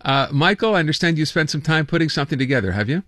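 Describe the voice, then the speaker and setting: A man's voice: fairly high pitch, lively intonation, very fast, a bit bright, a little hiss or hum. Chatty male radio call-in host. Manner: chatty, amused, reads listener texts aloud. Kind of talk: casual call-in radio chat. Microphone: studio microphone.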